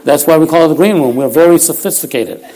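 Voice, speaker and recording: A man's voice: fairly high pitch, fast talker, mellow, a faint crowd. A man in his fifties of Puerto Rican heritage, preaching a sermon in a church, folksy and self-deprecating, often laughing as he tells stories. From Puerto Rico heritage. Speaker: lay preacher. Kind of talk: sermon with storytelling.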